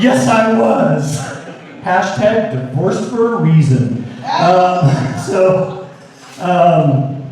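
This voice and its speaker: A middle-aged man from Seattle doing a stand-up set, rambling and correcting himself with many fillers, with wry self-mocking humor. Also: a little high. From Seattle, US Pacific Northwest. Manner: wry, deadpan self-mockery. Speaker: stand-up comedian. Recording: echoey live room, mic from a distance.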